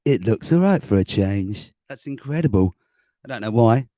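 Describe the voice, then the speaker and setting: A man's voice: fairly low pitch, expressive, normal speed, warm tone, dry recording, studio quality. A middle-aged man hosting a casual livestream from home, rambling, chuckling often and greeting chat viewers by name. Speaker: livestream host. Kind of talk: casual live-stream chat. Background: faint background music.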